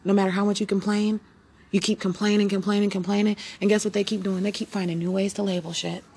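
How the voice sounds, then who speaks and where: A woman hosting her own podcast in a rambling, preachy motivational monologue that swings between loud and hushed. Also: mid-range voice, level tone, fast, gravelly, slightly rough. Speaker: podcast host.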